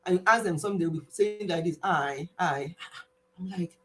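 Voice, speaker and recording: A woman's voice: lowish voice, quick pace, low-quality recording. A woman from Nigeria with a Nigerian accent, whose first language is Igbo, hosting a casual health channel live stream, telling stories animatedly with frequent laughter. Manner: animated storytelling, laughs often, mixes in Igbo words.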